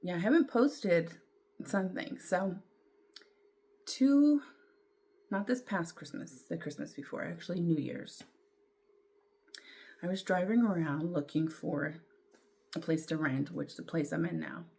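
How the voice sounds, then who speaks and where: A middle-aged woman, telling a personal story to camera in a candid, rambling way, with fillers and throat clearing. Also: fairly low pitch, a little slow, pauses often, darkish tone. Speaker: vlogger.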